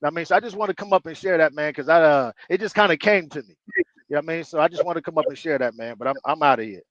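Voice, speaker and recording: Brief: male storyteller, higher voice, slangy and loose, dull dry lo-fi sound. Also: very fast, fairly bright tone, no room sound. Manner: loose, slangy street storytelling with many fillers. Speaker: panel guest. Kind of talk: storytelling on an audio panel.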